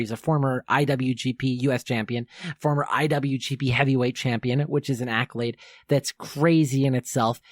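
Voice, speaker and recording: An eager young man hosts a wrestling podcast countdown, gushing like a fan and tripping over his words as he goes back to fix them. His voice sits at an ordinary middle pitch. The recording is dry and close, with no room around him. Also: no room sound. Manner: enthusiastic fan, rambling with fillers and self-corrections. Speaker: podcast host.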